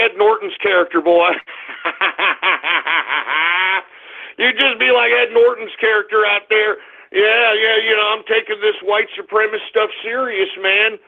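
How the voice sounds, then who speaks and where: Man, radio host, brash, confrontational rant, high voice, tinny phone-line sound. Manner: brash, confrontational, drawn-out taunts. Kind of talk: ranting call-in radio show.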